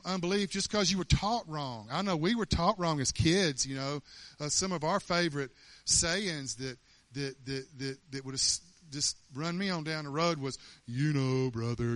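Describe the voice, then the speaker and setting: A man preaches in a folksy, rhetorical style, stacking question after question and doubling back on his words. His voice is bright and a little high for a man. The sound is dry and close. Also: normal speed, dry recording. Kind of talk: sermon.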